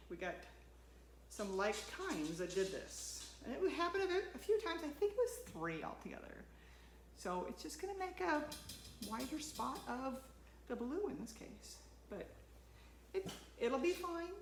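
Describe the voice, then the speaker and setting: A woman who hosts a sewing channel runs a casual tutorial at home, chatting to her dog as she works. Her voice is on the high side, and the recording is reverberant with a little hiss or hum.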